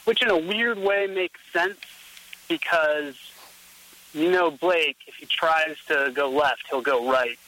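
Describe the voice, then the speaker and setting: Bright-voiced, upbeat male podcast co-host. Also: a little high, low-quality recording. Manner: upbeat, quick and joking. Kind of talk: casual podcast chat.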